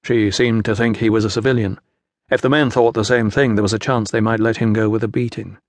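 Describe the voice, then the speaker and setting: A man narrating a historical novel as an audiobook in a measured, even storytelling manner. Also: fairly low pitch, no echo. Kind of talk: scripted narration. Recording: dry studio audiobook.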